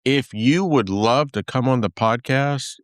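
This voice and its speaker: Podcast host, man from Texas, mid-pitched, smooth voice, loose rambling delivery. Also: measured pace, no room sound, studio quality. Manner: rambling, many fillers and restarts. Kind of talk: casual chat.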